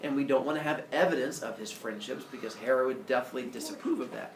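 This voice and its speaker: A male teacher telling myths to his class in a jokey, animated way, acting out the characters. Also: mid-range voice, fast. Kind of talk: storytelling lesson. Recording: roomy classroom audio from far off.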